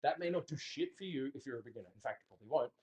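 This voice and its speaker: A man teaching a dance class in a studio, talking casually and in an animated way, joking bluntly and swearing now and then. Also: mid-range voice, very fast. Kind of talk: casual instructional talk.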